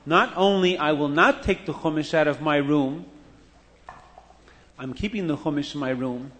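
A man voicing an earnest, firm-minded boy who speaks softly and steadily. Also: a little high, moderate pace, in a large hall, lightly acted. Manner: soft, hushed, steady. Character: earnest boy of firm faith, calm and quiet.

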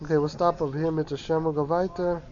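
A man teaching a Torah class to a small group, with lively sing-song emphasis on key words. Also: fairly high pitch, quick pace, background noise. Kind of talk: Talmudic lesson to a small class. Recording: dull lo-fi classroom recording.

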